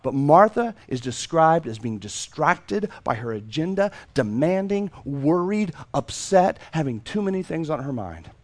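A man preaching a sermon with a high, lively voice that swings up and down a lot. He is animated and playful, acts out the voices in a story and repeats words for emphasis. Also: unhurried, few pauses. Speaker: pastor.

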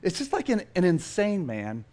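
A middle-aged man preaching a sermon as a pastor, telling stories in an animated, self-mocking way. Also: high voice, moderate pace.

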